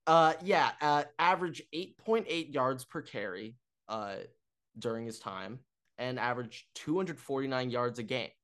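A young male podcast co-host talking sports in a loose, joking manner. He stumbles through fillers and restarts, and his pitch stays in an ordinary male range. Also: animated, a little slow, a bit bright. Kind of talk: casual sports chat.

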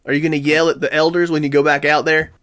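A man narrating as game master of a tabletop role-playing game and voicing its characters, quick and conversational. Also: fairly high pitch, flat delivery, fairly bright tone. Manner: quick, conversational, with restarts and laughs.

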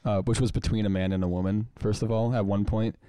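A man's voice: fairly low pitch, steady tone, quick pace, warm tone, clean tone, no echo, clean studio sound. A young man from the American Midwest co-hosting a podcast, rambling through a story with restarts and swearing. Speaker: podcast co-host. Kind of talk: casual chat.

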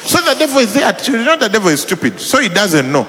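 A man preaching in a conversational style, telling animated stories. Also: sits high, fast, crowd noise. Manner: animated storytelling, bursts into mock tongues. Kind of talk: conversational sermon. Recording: reverberant hall with faint ambience.

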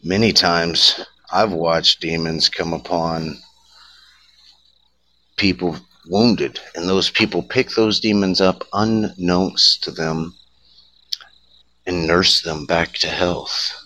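Host: man, low and bright-toned, folksy campfire storyteller, crickets chirping behind. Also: steady tone, slow pace, long pauses, low-quality recording.

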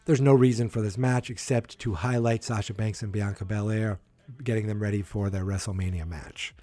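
A man's voice: fairly low pitch, steady tone, fairly quick, warm tone, soft background music. A man hosting a casual solo wrestling prediction podcast, rambling, correcting himself and thinking aloud as he talks.

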